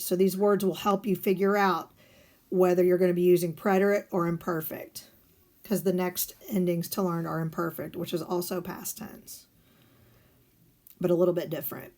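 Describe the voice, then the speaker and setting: A woman's voice: medium pitch, a little mellow. A woman teacher explaining grammar step by step in a recorded lesson, patient and methodical with frequent filler sounds. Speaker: Spanish teacher. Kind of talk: recorded guided-notes lesson.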